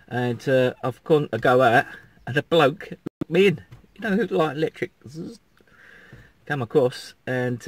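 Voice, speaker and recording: A middle-aged man, chatting and rambling as he vlogs from his campervan, swearing now and then. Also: medium pitch. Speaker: campervan vlogger. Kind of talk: casual rambling vlog chat. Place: outdoors by a campervan in the sun.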